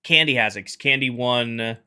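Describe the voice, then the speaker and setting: Male live streamer, casual thinking-aloud chatter, crisp bright tone, medium pitch. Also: brisk. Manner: chatty, thinks aloud and greets chat viewers. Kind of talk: casual live-stream chat while gaming.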